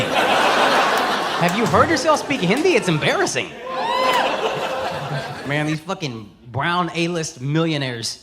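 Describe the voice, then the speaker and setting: A man's voice: high-pitched, lively intonation, moderate pace, long pauses. A man in his thirties doing a profane, punchy stand-up set on a club stage into a handheld mic. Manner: brash, profane, punchy delivery. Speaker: stand-up comedian. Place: club stage before a laughing crowd. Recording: loud crowd laughter and noise.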